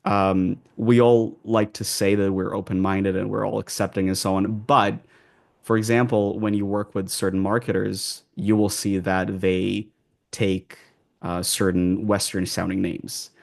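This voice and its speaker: Deep gravelly American man explaining. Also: little pitch movement, unhurried. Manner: loose and conversational, many fillers and restarts. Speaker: accent coach. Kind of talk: interview answers, explaining.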